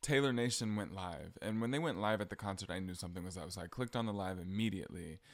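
A man's voice: low-pitched, fast talker, no echo. A young man with a Southern accent, chatting casually on his solo podcast with frequent ums and likes. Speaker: podcast host.

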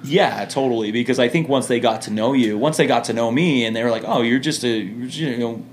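A young American man, a former missionary, telling lively stories in a casual podcast chat and acting out quoted voices. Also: mid-range voice, brisk. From United States. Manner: animated storyteller, acts out quoted voices and laughs.

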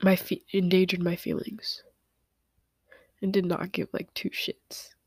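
A young woman hosting a podcast, talking through tears in a halting confessional monologue and often dropping to a whisper. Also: lowish voice, monotone, a little mellow, husky, no echo, clean studio sound. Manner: tearful, halting, many fillers, often drops to a whisper. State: crying. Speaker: podcast host.

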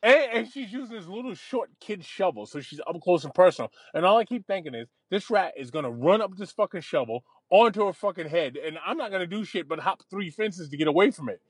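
A man telling a story in casual chat, profane and animated. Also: sits high, fairly quick, few pauses, husky, no echo.

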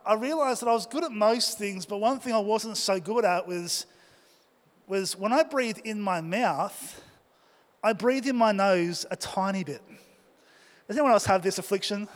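High-voiced man preaching in a reverberant hall. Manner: lively storytelling, asks the congregation questions. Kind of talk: sermon with personal story. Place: church hall.

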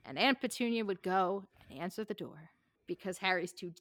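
Brief: animated woman co-host, bright and a touch high, dry studio sound. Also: normal speed, no room sound. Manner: animated, swearing, acting out silly voices. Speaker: podcast co-host. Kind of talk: casual chat.

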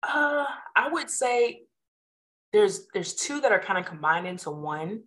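A woman's voice: medium pitch, unhurried. A woman in her thirties, a physician guest on a podcast, chatting casually and telling stories with voices for the people in them. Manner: animated storyteller who acts out quoted voices.

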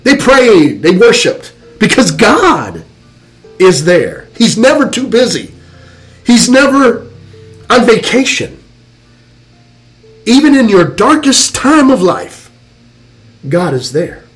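Male preacher, fervent sermon, unhurried, lively rising and falling pitch, faint music underneath. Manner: fervent, dramatic pauses.

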